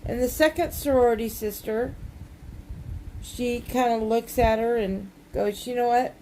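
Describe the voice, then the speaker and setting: A woman's voice: fairly high pitch, a little slow, warm tone, a little hiss or hum, rough recording. A woman chatting casually while she crafts, rambling and telling folksy jokes. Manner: folksy, rambling joke-teller. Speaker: crafting vlogger.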